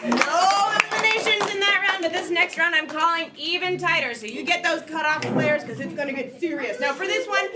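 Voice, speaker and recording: Bright-voiced woman hosting improv. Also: extremely high pitch, heavy background noise. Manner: brisk, energetic, calling out to the crowd. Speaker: improv show emcee. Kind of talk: live comedy hosting. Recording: distant stage mic, loud audience. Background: audience crowd.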